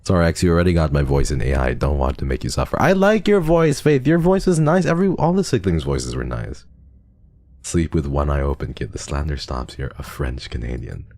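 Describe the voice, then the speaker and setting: This sick male streamer reads donations and chats casually during a livestream, sounding soft and drowsy and frequently trailing off. His voice is low and rumbling, yet expressive and brisk.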